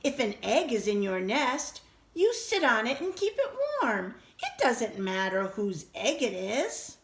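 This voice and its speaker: A woman's voice: fairly high pitch, sing-song, measured pace, pitched above the performer's own voice. A woman voicing a cheerful, confident father bird in a read-aloud storybook, firm and reassuring.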